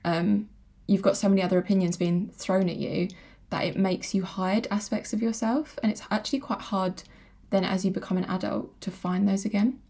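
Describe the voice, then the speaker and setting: Gravelly-voiced woman in casual chat. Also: mid-range voice, fairly even intonation, moderate pace, warm tone. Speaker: podcast co-host.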